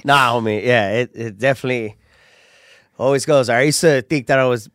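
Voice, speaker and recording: A man's voice: mid-range voice, a little fast, fairly bright tone, dry recording. Laid-back comedian man, slangy and dry. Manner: laid-back slang, calls people homie, laughs often. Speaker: comedian guest. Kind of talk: casual chat.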